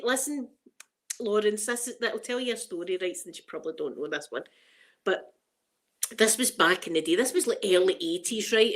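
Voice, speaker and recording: A middle-aged woman with a Scottish accent, hosting a livestream and rambling through funny stories, laughing often. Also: mid-range voice. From Scotland. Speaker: livestream host. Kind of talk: casual storytelling chat.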